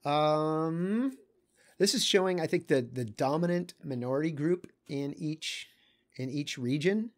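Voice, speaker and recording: A man with a slightly high voice teaches casually, thinking aloud while commenting on maps. He pauses often, using fillers and small asides.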